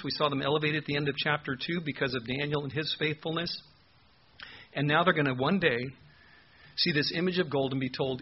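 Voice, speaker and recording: A man's voice: on the high side, steady tone, a little fast, husky, lo-fi sound. A man preaching an expository sermon, earnest and emphatic, asking his listeners rhetorical questions. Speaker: pastor.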